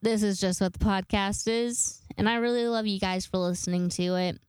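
Young woman, solo podcast host, congested, rambly and self-mocking, smooth clear tone in a dry close sound. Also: medium pitch, steady tone, moderate pace, a little mellow, dry recording. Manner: rambling, self-deprecating, swears casually. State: congested from a sinus infection. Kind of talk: casual solo podcast monologue.

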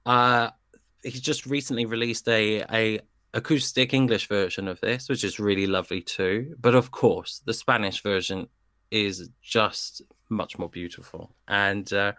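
A man's voice: fairly low pitch, steady tone, a little slow, sharp tone, no echo. A man chatting casually as a song review panelist, rambling and digressing with lots of fillers.

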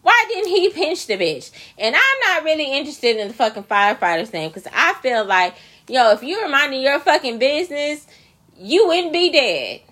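A woman's voice: high voice, big pitch swings, moderate pace, fairly bright tone. A woman hosting her own podcast, delivering a profane, incredulous solo rant full of emphatic repetition. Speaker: podcast host.

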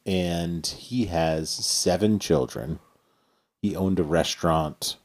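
A man's voice: low-pitched, slow. A man co-hosting a podcast, telling a family story in a rambling way with many fillers. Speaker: podcast co-host. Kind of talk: casual anecdote telling.

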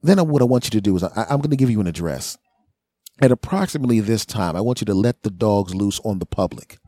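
A man's voice: on the low side, fast, slightly rough, dry recording, clean studio sound. A man hosting a podcast, telling a rambling comic story and acting out the people in it. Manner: rambling, animated, acts out voices. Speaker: comedian podcast host.

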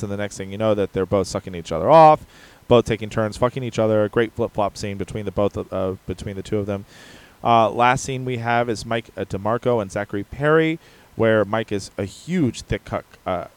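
A man co-hosting a podcast, chatting casually and rambling with lots of filler words. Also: lowish voice. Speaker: podcast co-host.

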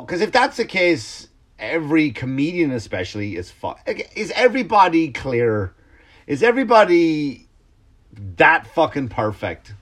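A man ranting at ordinary pitch in a casual podcast monologue. He is a comedian who swears freely and restarts his sentences as he goes, and the whole thing stays animated.

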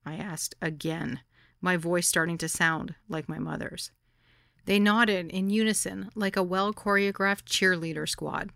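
Brief: female memoir narrator, wry deadpan delivery, bright crisp tone, lower pitch. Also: measured pace, no echo, clean studio sound. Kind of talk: audiobook memoir reading.

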